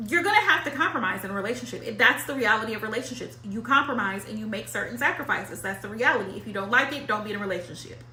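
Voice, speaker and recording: A woman's voice: fairly high pitch, lively intonation, fast, few pauses, sharp tone, roomy sound, a little hiss or hum. A woman giving a casual tarot talk to viewers, blunt and emphatic, repeating her points with slang and swearing. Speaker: tarot reader.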